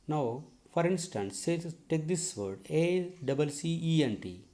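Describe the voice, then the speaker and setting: A middle-aged man from South India with an Indian English accent, teaching a recorded lecture slowly and deliberately, repeating key terms and checking "okay?". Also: a little high, lively intonation, dark tone. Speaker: English professor.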